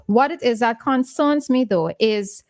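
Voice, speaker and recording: A woman's voice: fairly high pitch, a little slow, darkish tone, no echo, studio quality. Chatty Vincentian woman radio host. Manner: chatty, laughs often, gives call-in number. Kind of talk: morning call-in radio chat.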